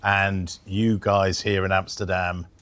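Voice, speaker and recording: A man's voice: low-pitched, little pitch movement, slow pace, a bit bright. A man hosting a podcast, giving an upbeat scripted introduction to the episode. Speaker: podcast host.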